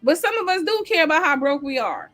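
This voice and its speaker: A woman's voice: sits high, very animated, quick pace, fairly bright tone. A woman hosting a livestream talk show, ranting bluntly and heatedly with heavy swearing and answering the live chat. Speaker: host.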